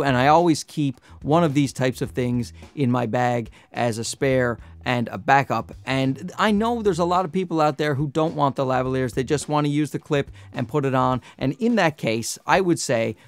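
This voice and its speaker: A man with a nasal voice, chatting casually through a product review on a clip-on lapel mic, joking and sometimes getting loud. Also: fairly high pitch, moderate pace, few pauses. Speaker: camera gear reviewer.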